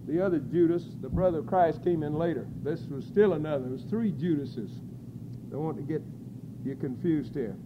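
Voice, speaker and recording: A man preaching a sermon, crying out scripture at full force and then dropping to quiet, low asides. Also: dull audio, noisy background.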